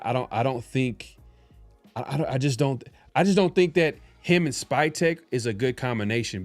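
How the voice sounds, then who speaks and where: A man in relaxed sports banter who talks in loose, halting bursts and restarts his thoughts often. The sound is dry and close, with faint music underneath. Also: medium pitch, dry recording. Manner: halting, many restarts, laid-back. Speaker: podcast co-host. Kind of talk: casual sports chat.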